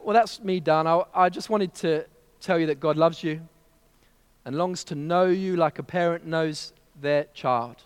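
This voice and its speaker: High-voiced preacher in an echoing hall. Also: male voice, measured pace, smooth. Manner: earnest storyteller, gentle and direct with the congregation. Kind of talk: sermon at a child dedication service.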